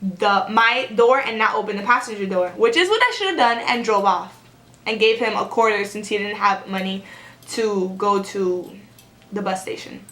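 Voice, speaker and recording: A young woman vlogger telling a story in a casual, animated, sarcastic way, filling her talk with "like.". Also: medium pitch, moderate pace. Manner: animated and sarcastic, heavy use of "like". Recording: echoey room.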